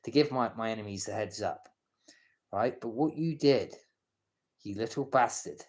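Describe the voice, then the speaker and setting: A man's voice: fairly low pitch, moderate pace, darkish tone. A man ranting casually on a live stream, stammering and restarting his sentences, coarse and confrontational as he swears at people. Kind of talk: rambling live-stream rant.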